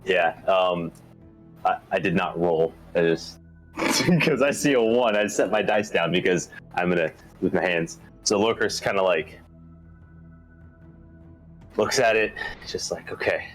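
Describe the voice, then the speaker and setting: Very deep-voiced man playing a tabletop game. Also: a little slow, long pauses, faint music behind, rough recording. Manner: casual, hesitant, many fillers. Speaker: player.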